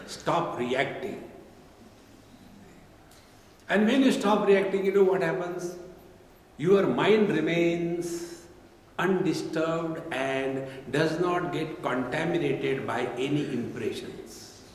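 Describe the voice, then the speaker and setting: A man gives a spiritual discourse as a swami, his fairly high voice full of gentle humor. He keeps checking in with his listeners. The sound rings through a big echoey hall with a long reverb tail. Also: slow pace, pauses often. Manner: humorous, keeps asking "See?".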